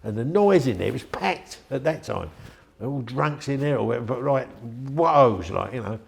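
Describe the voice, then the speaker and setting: A man's voice: medium pitch, lively intonation, normal speed, creaky. An older man, telling a rambling, chatty story in an interview and acting out the voices of the people in it. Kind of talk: anecdotal storytelling.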